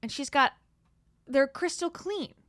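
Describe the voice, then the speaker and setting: A woman's voice: high voice, lively intonation, a little slow, a bit bright, no room sound, clean studio sound. A woman hosting a gossip commentary show, talking in a sarcastic, scoffing way. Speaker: commentary host.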